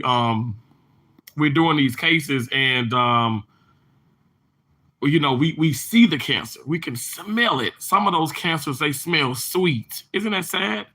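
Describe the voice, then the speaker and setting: This livestream host has a slightly high voice that sounds pushed and bright. In casual live chat he rambles through long stretches, restarting often and using fillers, while reading comments and greeting viewers by name.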